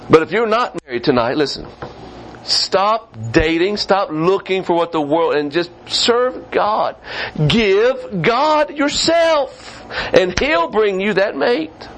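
A man preaching a sermon as pastor of a church, swinging from quick high rises down to low, slow stretches. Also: fairly bright tone, a little hiss or hum, rough recording. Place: church sanctuary.

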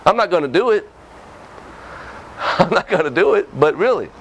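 A man's voice: high voice, very animated, normal speed, fairly bright tone, a little hiss or hum. A male preacher, preaching a sermon in a folksy, scolding way and often asking the congregation questions.

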